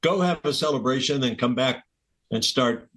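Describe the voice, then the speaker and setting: A man on a radio panel, explaining things in a steady way. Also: mid-range voice, moderate pace.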